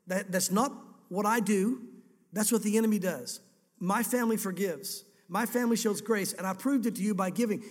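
A man's voice: high-pitched, breathy edge, big-room sound. A male pastor preaching a sermon, earnest, dramatizing the scripture he reads.

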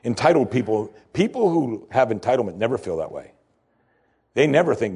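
A man preaching a sermon, explaining scripture with emphasis that rises sharply in pitch. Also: a little fast, creaky, husky. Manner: animated preaching, voice climbing high for emphasis. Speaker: pastor.

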